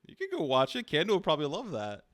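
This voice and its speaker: Streamer, male, teasing and lively, dry close mic. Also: fairly high pitch, no echo. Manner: teasing, playful, quick to laugh. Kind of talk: casual chat with an AI character.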